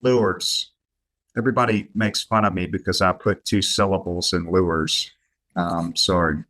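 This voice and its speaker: A middle-aged man, chatting on a podcast and reading his own poems aloud in an even, measured way. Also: deep voice. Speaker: guest poet. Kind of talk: podcast chat and poetry reading.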